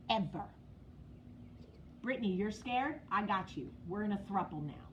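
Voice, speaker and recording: A woman's voice: medium pitch, animated, moderate pace, pauses often, slight background noise, poor audio. A middle-aged woman with a New Jersey accent hosting a casual live stream, blunt and profane, talking straight to commenters by name. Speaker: vlog host.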